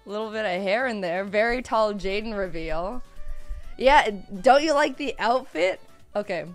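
A woman chats casually on a live stream, her medium-pitched voice hoarse and worn out. She speaks at a measured pace but is giggly and excitable, often repeating herself, with faint music playing behind her.

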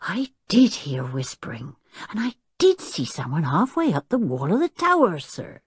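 A woman's voice: lowish voice, wildly swooping pitch, normal speed, breathy edge, no room sound, exaggerated voice. A woman voicing a frightened, plump female housekeeper who is breathless and chatters anxiously. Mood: anxious insisting. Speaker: servant of the professor.

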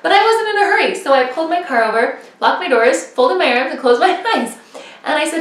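A woman vlogger with a high voice tells a personal faith story, animated and self-mocking. She tosses in quick asides. The sound is roomy and echoey, with the mic set some distance away. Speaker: religious vlogger.

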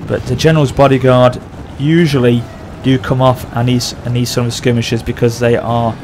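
A man hosting a gaming channel, excitedly commentating a battle over gameplay and often addressing his audience. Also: mid-range voice, moderate pace, slight background noise.

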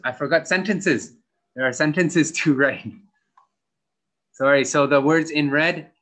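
A man teaching an English lesson to young students, explaining slowly and carefully and repeating instructions. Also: mid-range voice, fairly bright tone. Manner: slow, careful explaining to children. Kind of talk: recorded online lesson.

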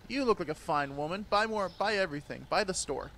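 Male gaming commentator, brash trash-talker, highish lively voice, faint background hiss. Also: fairly quick, few pauses. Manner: loud, crude, laughing trash talk at game characters. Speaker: gaming YouTuber. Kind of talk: gameplay commentary.

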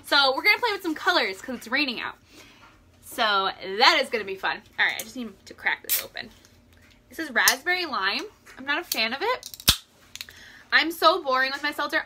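A woman's voice: sits high, sharp tone. A young woman hosting a casual live makeup tutorial at home, chatty and rambling, greeting viewers by name as she works. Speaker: makeup livestream host. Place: at home indoors.

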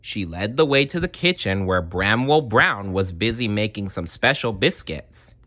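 Man reading a children's storybook, lively, bright, lowish voice. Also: normal speed, no echo. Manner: animated, adds short asides.

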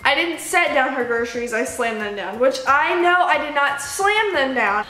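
A young woman vlogger casually telling a story, animated and chatty, acting out the people she quotes. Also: high voice, normal speed, faint music behind. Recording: echoey room.

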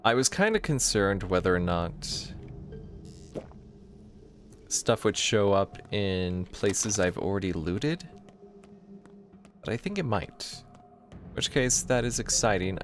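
A man's voice: low voice, lively intonation, a little slow, long pauses, faint music behind. A man giving casual, rambling commentary while playing a video game, with self-deprecating asides, reading game dialogue aloud in his own voice. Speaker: let's play gamer.

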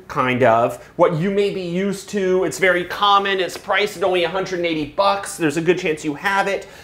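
A chatty man hosting a relaxed gear review, his voice sitting a little high for a man. He explains things at length and laughs easily. The room around him rings with a noticeable echo. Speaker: host reviewing flight sim gear. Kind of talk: casual product review chat. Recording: roomy echo.

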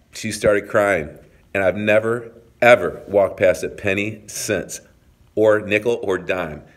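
A man in his fifties from the United States, a personal trainer telling an emotional personal story straight to his viewers in an earnest way. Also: fairly low pitch. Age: 50s.

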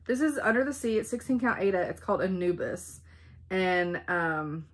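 A woman's voice: mid-range voice, lively intonation, moderate pace. A woman chatting casually at home, bubbly and full of ums as she shows off craft supplies. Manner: chatty, bubbly, says um a lot. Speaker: flosstube vlogger.

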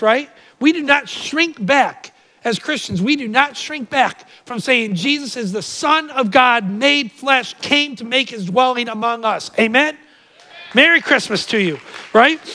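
A man preaching a sermon to his congregation, energetic and emphatic, asking them rhetorical questions. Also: extremely high pitch. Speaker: pastor. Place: church auditorium.

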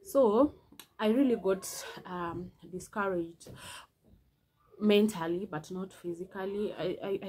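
A woman's voice: lowish voice, a little mellow, a little hiss or hum, poor audio. A woman in her early twenties talking earnestly in a casual vlog, often repeating herself for emphasis. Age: early 20s. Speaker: vlogger. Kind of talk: casual personal vlog talk.

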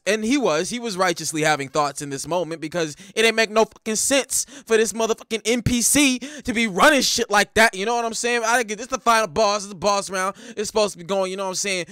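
A man hosting a reaction video, giving animated, slangy commentary full of profanity and laughing asides. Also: sits high, smooth, no echo, studio quality. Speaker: reaction channel host.

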